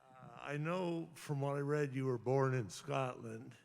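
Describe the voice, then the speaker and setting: Man, fan at a panel mic, gravelly voice, halting friendly question, echoey hall. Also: mid-range voice.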